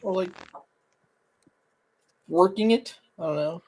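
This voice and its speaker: A woman describing her character's actions during a tabletop role-playing game, in quick, casual speech. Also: on the low side, dark tone, husky, poor audio. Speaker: player.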